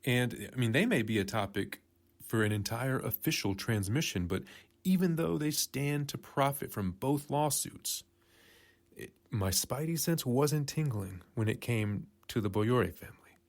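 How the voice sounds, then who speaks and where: A man's voice: mid-range voice, animated, moderate pace, gravelly. A man hosting a casual news commentary show, rambling and conspiratorial, often correcting himself mid-sentence. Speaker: podcast host.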